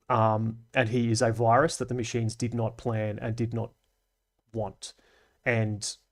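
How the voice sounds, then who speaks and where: Australian man hosting a livestream. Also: mid-range voice. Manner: chatty and analytical, dry asides and Aussie slang. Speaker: livestream host. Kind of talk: casual livestream debrief, reading comments.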